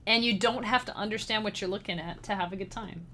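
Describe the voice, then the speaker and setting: Woman, live streamer, bright voice, bubbly, giggly, casual chat with viewers. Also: mid-range voice, quick pace, a little hiss or hum. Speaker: livestreamer and chiptune musician.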